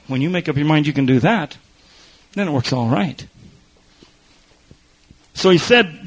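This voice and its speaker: A man with a high voice delivers a sermon from the pulpit. He swings between loud emphasis and hushed, low asides. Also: lively intonation, measured pace, pauses often, breathy edge, rough recording. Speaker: preacher.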